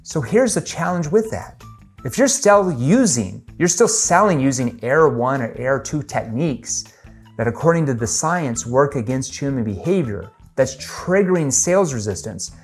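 Emphatic man teaching sales, lively pitch. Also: moderate pace, husky, soft background music. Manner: emphatic, acts out sample questions in a lively voice. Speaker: sales trainer. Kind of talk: sales training lesson.

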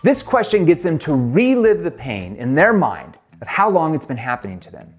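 A man's voice: fairly high pitch, sing-song, normal speed, hardly any pauses, husky, faint music behind. A middle-aged man teaching sales technique in an emphatic way, often acting out sample questions to prospects. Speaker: sales trainer. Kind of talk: sales training lesson.

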